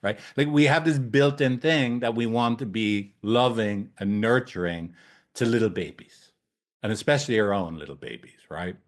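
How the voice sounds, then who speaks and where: A man in his thirties, a couples therapist, giving a casual training talk, animated, swearing freely and tagging lines with "right?". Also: lowish voice, moderate pace.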